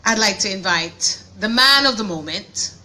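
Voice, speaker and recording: A woman's voice: medium pitch, animated, normal speed, pushed and bright. A woman acting as master of ceremonies introduces the next speaker to an audience in a playful way, laughing and full of praise. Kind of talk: event introduction. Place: event hall before an audience.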